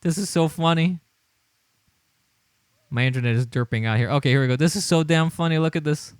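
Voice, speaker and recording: A man's voice: a little high, brisk, smooth, no room sound, studio quality. A man hosting a casual livestream, reading replies aloud with frequent laughter, disbelief and stumbling restarts. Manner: laughing, incredulous, rambling with restarts. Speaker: livestream host.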